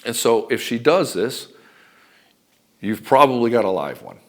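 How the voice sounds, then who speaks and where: Blunt, forceful male relationship coach. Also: mid-range voice, very animated, unhurried. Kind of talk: direct-to-camera advice talk.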